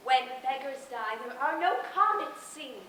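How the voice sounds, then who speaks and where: A woman's voice: sits high, expressive, measured pace, fairly bright tone, slight background noise. A woman playing Calpurnia, a fearful Roman wife urgently pleading in an outdoor stage play. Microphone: far camera. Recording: distant, echoey open-air stage recording.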